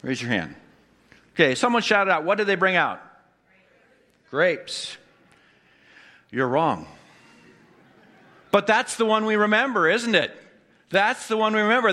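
A male pastor preaches with a bright, slightly high voice. Throughout the sermon he tests the congregation with questions and works in dry jokes.

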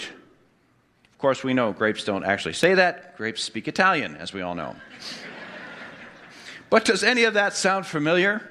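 A man's voice: sits high, sing-song, normal speed, bright, forceful tone. A man preaching a sermon to his congregation, quizzing them with questions and dropping wry jokes. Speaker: pastor.

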